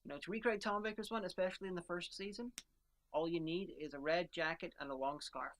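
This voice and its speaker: A woman co-host on a podcast talks fast in a lowish, steady voice. She chats casually and picks apart her favourite characters with eager, rambling enthusiasm, restarting frequently.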